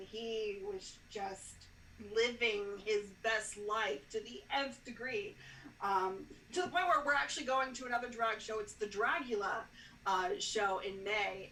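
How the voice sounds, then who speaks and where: A woman's voice: mid-range voice, a little slow, fairly bright tone. A woman guesting on a podcast, chatting enthusiastically with lots of fillers. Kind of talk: casual chat. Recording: roomy, distant mic with faint noise.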